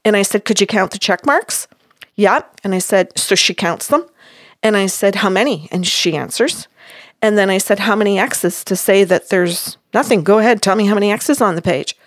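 A woman's voice: medium pitch, normal speed, no room sound, studio quality. A woman in her sixties, a counselor, recounting a session by acting out both sides of the conversation firmly and emphatically. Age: 60s. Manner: acts out both sides of a dialogue, firm and emphatic.

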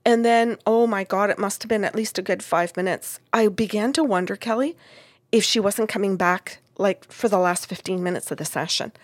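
A woman's voice: medium pitch, normal speed, no room sound. A woman working as a medium, telling a long story in a casual conversation and acting out what each person said. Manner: recounts at length, acting out what people said. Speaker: medium recounting a reading.

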